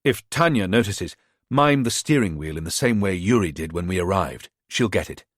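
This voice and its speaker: A man playing a calm, scheming operative. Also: low-pitched, dry recording, studio quality. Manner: calm, brisk, matter-of-fact. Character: resourceful man, calm under pressure, plotting.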